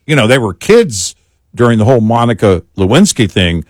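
A man co-hosting a political talk show, talking in an agreeable, steady way. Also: mid-range voice, brisk, no room sound.

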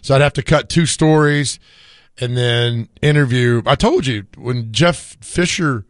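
A sports radio co-host tells stories and laughs often in casual chat, his mid-range voice worn from screaming and a little slow. The recording is dry, with clean studio sound.

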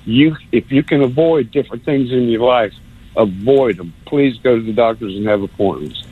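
A man calling in to a radio show, ranting sarcastically with lots of stammering and mocking jumps in pitch. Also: moderate pace, breathy edge. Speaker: caller. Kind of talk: rambling call-in rant. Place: phone call into radio show. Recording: tinny phone line.

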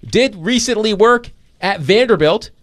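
Lively, mocking male sports talk host. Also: high-pitched, measured pace. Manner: animated, mocking, laughs while talking.

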